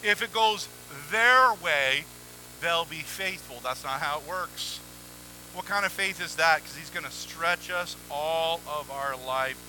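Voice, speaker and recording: A man preaching a sermon in a conversational, energetic way, acting out little exchanges with God, at a church microphone. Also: fairly high pitch, measured pace, background noise. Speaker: pastor. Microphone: handheld or headset mic, volume cutting on and off.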